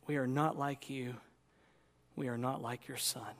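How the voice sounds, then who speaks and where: A man's voice: mid-range voice, steady tone, normal speed. A man preaching a sermon as pastor, emphatic and impassioned, in a church. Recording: long reverb of a large hall.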